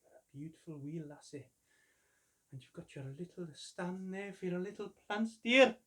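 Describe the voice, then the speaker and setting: A fussy elderly nanny, put on by a man cooing in a high falsetto. She is doting and gentle, and her lilt is thick and put on. The voice rises well above a man's normal speaking voice. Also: moderate pace.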